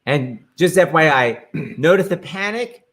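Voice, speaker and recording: A man's voice: a little high, expressive, measured pace, fairly bright tone. A man hosting an online variety chat, eagerly introducing guests and clips. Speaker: host. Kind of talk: casual video-call chat.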